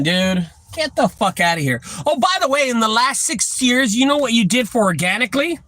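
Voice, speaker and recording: High, bright-voiced ranting Texan man. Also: dry recording. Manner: profane, blunt, lecturing. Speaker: junk removal business owner. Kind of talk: ranting talk to camera.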